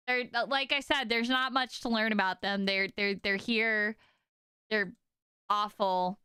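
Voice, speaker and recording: A young woman streaming casually to her chat, telling stories in an animated, exaggerated way with lots of "like" and "okay?". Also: mid-range voice, a little slow, clear, resonant tone, dry recording, studio quality.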